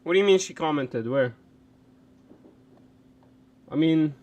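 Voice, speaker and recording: High-voiced laughing streamer man. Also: expressive, measured pace, pauses often, darkish tone, slight background noise. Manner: laughs hard and often, swears freely, loose and rambling. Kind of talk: casual live-stream reaction chat.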